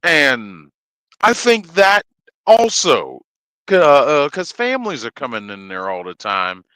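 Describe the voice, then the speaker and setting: A man's voice: medium pitch, a little slow, clear, resonant tone, no echo, low-quality recording. A man co-hosting a casual livestream chat, a truck driver who jokes and acts out voices. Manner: animated, jokey, acts out quotes loudly.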